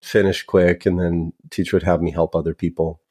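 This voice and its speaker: A man with a notably low voice tells stories as a podcast guest. He talks in a loose, chatty way. He pokes fun at himself and laughs easily between thoughts. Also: level tone, brisk, warm tone. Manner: chatty and self-deprecating, laughs while telling stories. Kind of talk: casual storytelling interview.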